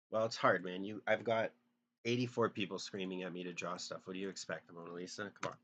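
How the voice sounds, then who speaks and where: A man's voice: low-pitched, flat delivery, fast, a bit bright, muffled recording. A man casually chatting with viewers while drawing on a live stream, joking and thinking aloud in a self-deprecating way.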